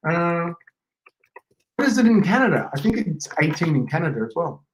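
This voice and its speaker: A man's voice: a little high, very animated, moderate pace, slight background noise, low-quality recording. A man co-hosting a giveaway livestream, joking and playful in casual chat. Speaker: co-host.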